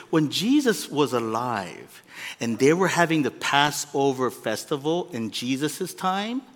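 Fairly high-voiced man preaching in a reverberant hall. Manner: animated preaching with big swings in loudness. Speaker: pastor. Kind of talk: sermon. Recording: long reverb of a large hall.

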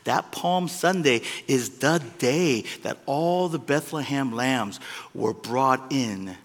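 A man preaching a sermon as a pastor, with animated delivery that swings between loud peaks and quiet asides. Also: medium pitch, slow pace. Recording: long reverb of a large hall.

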